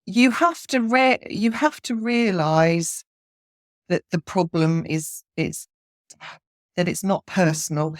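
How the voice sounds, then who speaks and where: Earnest woman, low-pitched voice. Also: no room sound, studio quality. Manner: earnest, frequent restarts and ums. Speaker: horse communicator guest. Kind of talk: casual interview chat.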